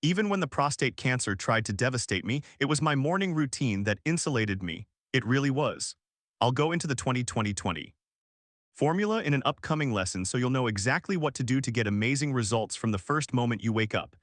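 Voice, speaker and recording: A man voicing a calm, confident wealthy mentor who speaks with assured, emphatic authority. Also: medium pitch, brisk, dry recording, studio quality, lightly acted. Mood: enthusiastic.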